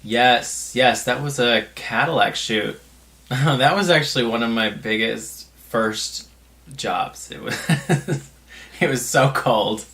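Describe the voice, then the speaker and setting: A man's voice: mid-range voice, slow, gravelly, a bit bright. A man on a podcast, chatting casually and rambling through anecdotes with lots of filler words.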